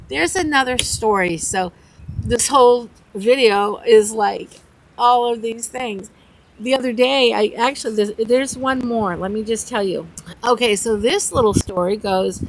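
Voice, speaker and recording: Older woman vlogger, casual rambling storyteller, faint outdoor noise. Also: medium pitch. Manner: chatty, rambling, acts out quotes. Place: outdoors on a windy day. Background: faint wind noise.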